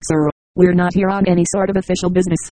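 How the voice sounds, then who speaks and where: A synthetic text-to-speech voice reading the lines of a cool, self-assured young prince in an audiobook, flat and unvaried. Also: mid-range voice, fast talker, dry recording, close to an everyday voice, rough recording.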